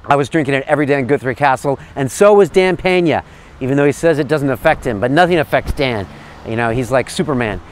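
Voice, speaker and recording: A man's voice: medium pitch, lively intonation, quick pace, a little hiss or hum. A man hosting a show, talking casually to the camera in a friendly, enthusiastic way with lots of "uh" fillers. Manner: loose, rambling, many "uh" fillers. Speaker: host.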